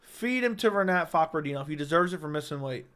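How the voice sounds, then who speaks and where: Animated young man, higher voice. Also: fast. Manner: animated storytelling, frequent swearing and "right?". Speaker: livestream host. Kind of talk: casual livestream chat.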